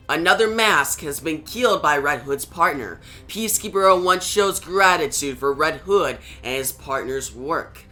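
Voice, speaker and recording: A man's voice: a little high, pushed and bright. A man narrating a comic book plot recap in a plain, matter-of-fact way, with small slips.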